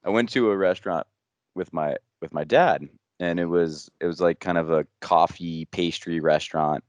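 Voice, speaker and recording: A fairly low-voiced man chats and tells stories loudly, with plenty of energy. His voice is recorded dry and close, with no room sound. He hosts a casual group talk. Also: moderate pace, no room sound. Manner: loud, animated storyteller. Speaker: podcast host. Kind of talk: casual chat.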